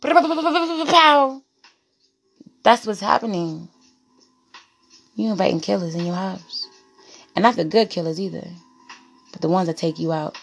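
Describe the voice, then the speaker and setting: A woman holds forth on her podcast in a lowish voice. She is blunt and profane, and she hammers her points home by repeating phrases. Faint music plays underneath. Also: normal speed, vocal fry, pauses often, breathy edge. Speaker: podcast host. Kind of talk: impassioned monologue.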